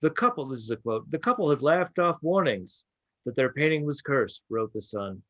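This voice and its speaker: Wry male podcast host, animated reader, dry sound. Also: medium pitch, normal speed, dry recording, dull audio. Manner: wry, storytelling delivery with asides. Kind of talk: reading a prepared story with banter.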